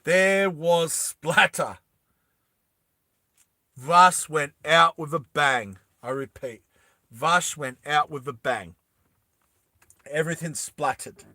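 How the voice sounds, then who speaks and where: A young man casually recapping a movie plot, animated, laughing often and acting out the scenes. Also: fairly high pitch, slow, no room sound, studio quality. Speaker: storytelling vlogger.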